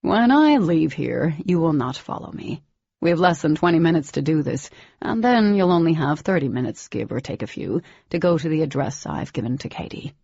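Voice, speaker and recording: A woman's voice: deep voice, very animated, normal speed, vocal fry, mellow, no echo, dull audio, exaggerated voice. A woman voicing an older male villain, cold, smug and calculating, in a clipped, condescending manner.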